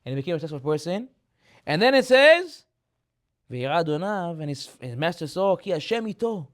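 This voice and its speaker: A man giving an animated sermon as a rabbi. He repeats phrases, mixes in Hebrew terms, and builds to loud emphatic peaks. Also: fairly high pitch, fast.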